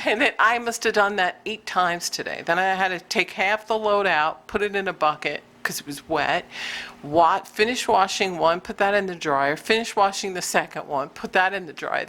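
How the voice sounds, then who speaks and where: Chatty woman vlogger telling a story. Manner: animated, scolding her cat in high bursts, laughing between lines. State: out of breath. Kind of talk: casual chatty storytelling to camera.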